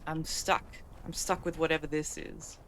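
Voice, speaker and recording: A woman's voice: sits low, level tone, moderate pace, a little hiss or hum. A woman live-streaming a game, chatting casually, thinking aloud and poking fun at herself.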